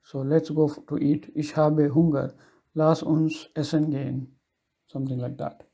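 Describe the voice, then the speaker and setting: A man giving a casual language lesson, explaining simple German phrases in loose, chatty English and slowly repeating each phrase for the listener. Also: fairly high pitch, flat delivery, vocal fry, warm tone, breathy edge.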